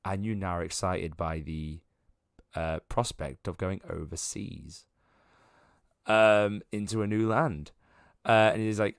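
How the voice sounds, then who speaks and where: A man's voice: sits low, level tone, a little slow, smooth, no room sound, studio quality. A man narrating a tabletop game as game master, rambling with many fillers.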